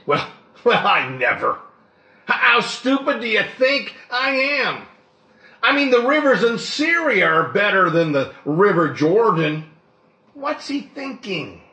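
Man doing an indignant grumbling commander, raised high voice, huffy, echoey church room. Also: lively intonation, measured pace, a bit bright. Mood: offended grumbling. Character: proud, offended male army commander, grumbling.

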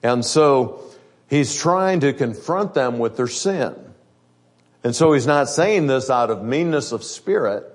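A male preacher giving a sermon, reading scripture aloud and explaining it in plain conversational words, slowing down to stress his points. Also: mid-range voice, lively intonation.

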